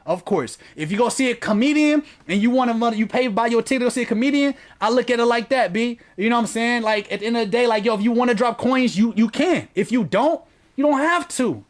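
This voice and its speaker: Fast, high-voiced man hosting a livestream. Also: lively intonation. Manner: profane, slangy, reads chat aloud. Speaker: livestream host. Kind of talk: casual livestream chat.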